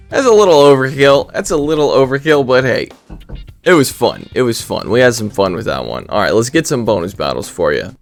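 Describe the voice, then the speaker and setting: A man's voice: medium pitch, fairly bright tone. A man giving casual, rambling game commentary, full of stutters and self-deprecating asides. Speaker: gaming commentator.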